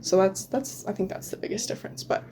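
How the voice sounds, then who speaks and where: Teen girl guest, American, casual and filler-heavy, mellow tone, light background hiss. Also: medium pitch, quick pace. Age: teens. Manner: chatty, many "um" and "like" fillers, laughs often. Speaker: guest, returned exchange student. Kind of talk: casual interview answers.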